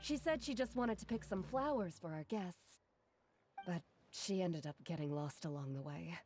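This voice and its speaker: An actress voicing a gentle young woman in a video game who cares for her Saurian, speaking softly and reassuringly. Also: fairly low pitch, normal speed, soft background music, natural voice. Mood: apologetic. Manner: soft, caring, reassuring.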